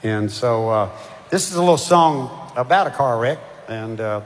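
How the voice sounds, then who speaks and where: An older man, a touring singer chatting between songs in a halting, rambling way with lots of fillers. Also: medium pitch, expressive, slight background noise. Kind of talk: onstage banter between songs. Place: concert stage. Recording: live hall reverb with band music.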